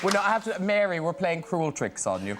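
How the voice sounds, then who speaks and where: A man's voice: high-pitched, sing-song, brisk, a loud crowd. A middle-aged man hosting a chat show, teasing and laughing often as he talks. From Ireland. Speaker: talk show host. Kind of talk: playful chat show banter. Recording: studio audience and noise.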